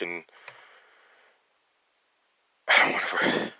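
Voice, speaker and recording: A man's voice: mid-range voice, animated, normal speed, fairly bright tone, dry recording. A man speaking as a concerned citizen in an emotional personal monologue, rambling and restarting his words as he challenges his listeners.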